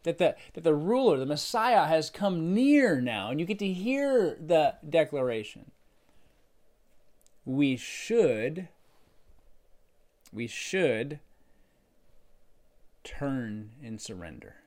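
A middle-aged man preaching a sermon as a pastor, conversational in tone, who builds to loud, emphatic peaks and then drops back low and quiet. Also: wildly swooping pitch, measured pace, few pauses.

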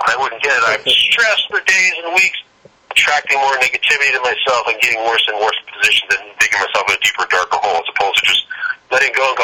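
A fast-talking man in his forties with a bright, forceful voice tells an animated story as a radio guest. He jumps into his own quoted lines as he goes. The sound is thin, like a call carried over a phone line. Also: mid-range voice. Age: 40s. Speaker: actor and guest. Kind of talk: casual storytelling interview.

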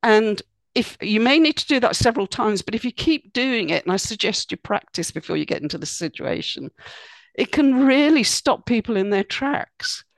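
A woman talks through practical advice as a podcast guest. She explains things casually, filling pauses with "um" and "you know". Her voice is recorded close on a dry, roomless mic. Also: a little high, lively intonation, creaky, no echo. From United Kingdom. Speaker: guest expert.

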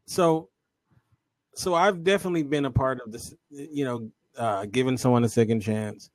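Talk-show co-host, male, mid-pitched, halting delivery full of fillers, dry close sound. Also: darkish tone, dry recording. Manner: halting, many fillers and restarts. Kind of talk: casual chat, reading viewer comments.

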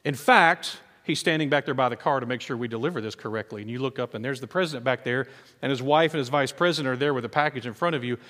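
A man preaching a sermon as pastor, telling stories in an animated way and acting out the voices of people he quotes. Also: medium pitch, quick pace, long reverb tail.

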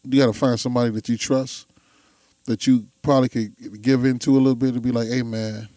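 A man's voice: mid-range voice, level tone, quick pace, dark tone, no echo. Guy spinning a story, acts out the voices, dry close sound. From Chicago. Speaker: guest telling stories. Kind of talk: casual storytelling chat.

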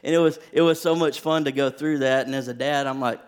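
A man in his thirties, a pastor, telling a personal story in a sermon, shifting from hushed, quiet stretches to rising, impassioned preaching. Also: medium pitch, fairly even intonation, brisk, few pauses, clear, resonant tone.

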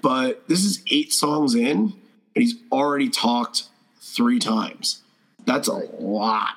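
A man's voice: mid-range voice, takes it slowly, a bit bright, poor audio. A man co-hosting a casual podcast, rambling with profanity and frequent restarts. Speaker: podcast co-host. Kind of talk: casual chat.

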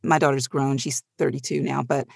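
A middle-aged audiobook narrator talking casually on a panel, telling animated stories with frequent laughs. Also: medium pitch, fairly quick, gravelly, breathy edge, no echo, clean studio sound.

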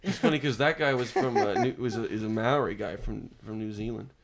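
A man's voice: mid-range voice, fairly quick, creaky. A man co-hosting a comedy podcast, joking and chatting casually. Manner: joking, playful. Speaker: podcast co-host.

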